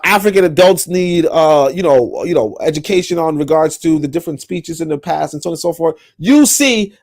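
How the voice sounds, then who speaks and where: A male podcast host ranting on a livestream, exasperated and rambling, swearing often and leaning on fillers like "you know" and "like". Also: high voice. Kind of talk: livestream monologue.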